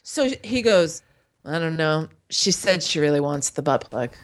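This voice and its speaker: Animated, crude woman telling a story. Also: sits low, a little slow. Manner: animated, crude, laughs often, acts out quotes. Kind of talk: casual storytelling chat.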